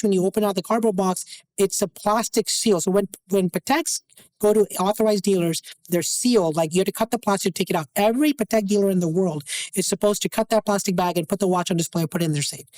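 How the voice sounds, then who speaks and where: Guy rattling fast through an anecdote, easy conversational tone, acts out the back-and-forth. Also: high-pitched, rough recording. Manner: animated, acts out quoted dialogue. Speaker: watch dealer, guest. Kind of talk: casual interview storytelling.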